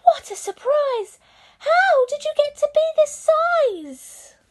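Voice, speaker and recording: Small frightened boy voiced by a woman, shrill, very high, swooping, storybook. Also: lively intonation, moderate pace. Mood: astonished. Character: small frightened boy looking for his teddy.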